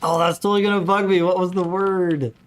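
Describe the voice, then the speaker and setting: A man's voice: sits high, little pitch movement, brisk. A man chatting casually while he livestreams a game, rambling into asides as he plays. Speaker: gaming streamer.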